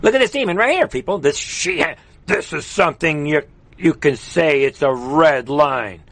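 A man hosting live political commentary in a heated, mocking, rapid ranting manner. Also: on the high side, lively intonation, a bit bright, dry recording. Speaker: host.

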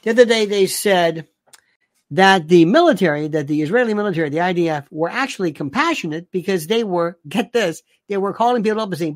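A man's voice: high-pitched, animated, fairly quick. A man hosts his own commentary show in an unscripted rant. He is sarcastic and exasperated, fires off rhetorical questions, and often restarts his sentences. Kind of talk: casual political rant.

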